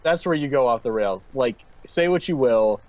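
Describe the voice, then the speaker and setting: Bantering podcast co-host, lively voice. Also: male voice, medium pitch, normal speed, no echo, rough recording. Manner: joking, argumentative banter. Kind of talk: casual chat.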